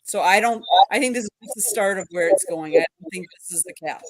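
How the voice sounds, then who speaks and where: A woman's voice: mid-range voice, a little fast, a crowd in the background. Woman making her case on sports talk. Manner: explains step by step, lists examples.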